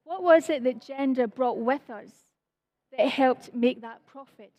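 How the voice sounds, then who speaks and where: Scottish woman, high register, conference speaker; earnest, self-deprecating, apologizes often. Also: unhurried, darkish tone. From Scotland. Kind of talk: conference presentation.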